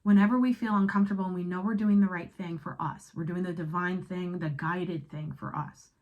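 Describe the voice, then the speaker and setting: Lower-voiced woman giving a casual tarot reading. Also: fairly even intonation, fairly quick, darkish tone, dull audio. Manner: casual, emphatic, swears, switches into quoted inner voices. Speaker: tarot reader.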